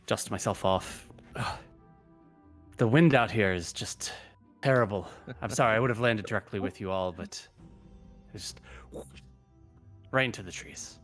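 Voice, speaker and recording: A man's voice: on the low side, measured pace, pauses often, fairly bright tone, soft background music. A man at a tabletop game describing his character's actions in a rambling way. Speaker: player.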